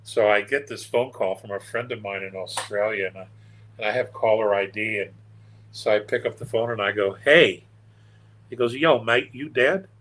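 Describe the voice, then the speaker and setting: A man's voice: lowish voice, steady tone, brisk, fairly bright tone, low-quality recording. An older man, a guest on an interview show, telling stories in a meandering, earnest and wry way. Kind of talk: casual storytelling interview.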